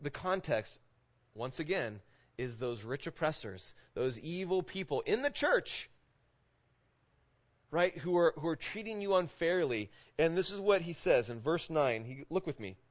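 A man's voice: on the high side, animated, a little slow. Conversational preacher man, lo-fi sound. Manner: conversational preaching, keeps asking "right?". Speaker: pastor. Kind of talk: sermon. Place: church sanctuary with congregation.

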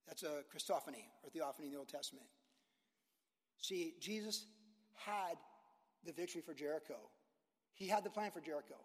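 A man preaching a sermon as a pastor, animated, acting out biblical figures and using casual sports talk. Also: on the high side, normal speed, pauses often, in a large hall.

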